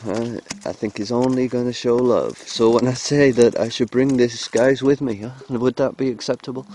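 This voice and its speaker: A man's voice: mid-range voice, moderate pace, vocal fry, hardly any pauses, mellow, a little hiss or hum. A man filming in a cold outdoor field, rambling and joking in loose commentary to the camera, breaking into chanted mantras. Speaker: vlogger filming animals.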